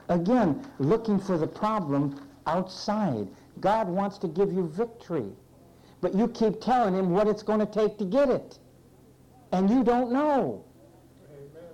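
A man's voice: high-pitched, measured pace, rough recording. A man preaching a sermon, reading scripture aloud and mockingly acting out the complaints of the person in the verses. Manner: animated, sarcastic, acting out quoted complaints.

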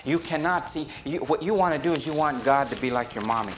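A man preaching a sermon, rising to emphatic peaks and dropping low, with sudden shifts in pace. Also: fast talker, noisy background. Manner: animated, rises to emphatic peaks and drops low.

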